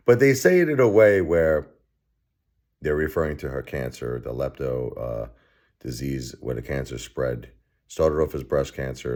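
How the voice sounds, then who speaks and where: Deep-voiced Brooklyn man, blunt and heartfelt. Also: darkish tone. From Brooklyn, New York. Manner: blunt, heartfelt, talks in repeated phrases with wry laughs. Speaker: vlogger. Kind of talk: emotional late-night vlog.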